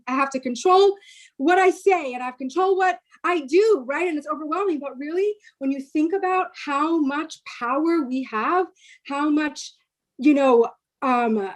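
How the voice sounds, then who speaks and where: A woman panelist on a video call, speaking earnestly and reflectively on a spiritual topic and repeating words for emphasis. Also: high voice.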